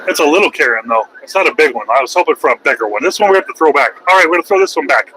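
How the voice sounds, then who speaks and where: Loud, bright-voiced mocking trucker. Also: male voice, fairly high pitch, expressive, rapid-fire, a little hiss or hum, rough recording. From United States. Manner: loud, profane and mocking, swings into shouting. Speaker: truck driver and livestreamer. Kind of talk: livestream rant.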